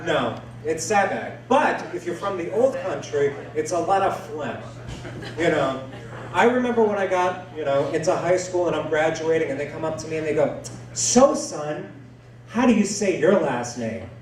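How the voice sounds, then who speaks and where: Fairly high-pitched, with lively intonation and a moderate pace, this comedian works the crowd in a crude, self-mocking stand-up routine. The comedy club sound is roomy and captured from a distance.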